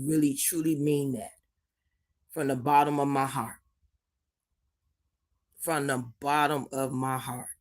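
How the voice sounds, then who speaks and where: A woman hosts a live chat from home, talking very slowly with her voice on the edge of tears. She repeats her words of encouragement and calls her viewers sweetie and baby. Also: sits low. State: holding back tears. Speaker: livestream host reading chat.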